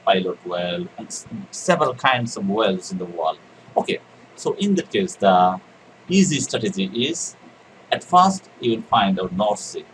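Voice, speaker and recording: A man's voice: medium pitch, distant mic, a little hiss or hum, poor audio. A man teaching an exam reading lecture, repeating key words and answering his own questions. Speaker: IELTS teacher. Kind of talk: recorded exam-prep lecture.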